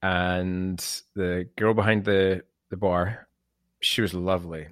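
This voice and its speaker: A man hosting a podcast, chatting casually and telling animated stories, sometimes dropping to a hushed near-whisper. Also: deep voice, slow pace, no echo, clean studio sound. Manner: animated storyteller, drops to a hushed near-whisper when savoring a memory. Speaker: podcast host. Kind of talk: casual chat.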